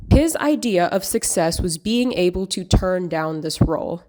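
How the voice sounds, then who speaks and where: A woman's voice: medium pitch, darkish tone. Sarcastic woman vlogger. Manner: sarcastic, pointed. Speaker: commentary vlogger. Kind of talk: scripted commentary.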